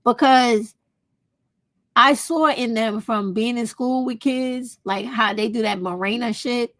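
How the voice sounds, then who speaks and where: A woman's voice: a little high, slow pace, a bit bright, no echo. A woman, talking straight to her viewers in a casual opinion vlog, blunt and profane. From United States. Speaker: vlog host.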